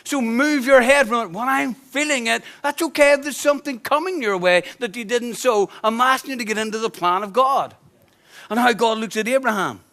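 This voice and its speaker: A man's voice: very high-pitched, brisk, fairly bright tone. A man preaching a sermon as pastor, emphatic and conversational, repeating key phrases, with touches of humor.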